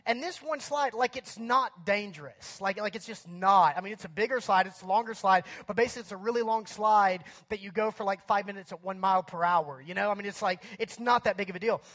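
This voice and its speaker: Male pastor, high-pitched, loose and animated comic storyteller in a sermon. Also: a little fast, hardly any pauses. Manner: animated, chatty, many fillers like "like" and "you know".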